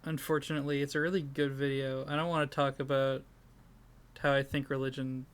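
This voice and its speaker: A man's voice: mid-range voice, little pitch movement, fairly quick, clear, resonant tone. A man co-hosting a casual comedy podcast, rambling and self-deprecating, sleep-deprived and breaking into laughter. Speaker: podcast co-host.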